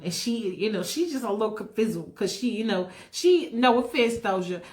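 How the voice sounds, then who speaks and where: A woman's voice: medium pitch, a bit bright. A woman telling a comedic fanfiction story in a casual, rambling, crude way, heavy on slang.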